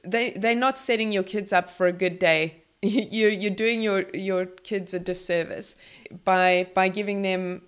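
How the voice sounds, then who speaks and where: A woman's voice: mid-range voice, fairly even intonation, unhurried, clear, resonant tone. A woman hosting a casual podcast chat, enthusiastic and prone to repeating words and restarting. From South Africa. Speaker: podcast host.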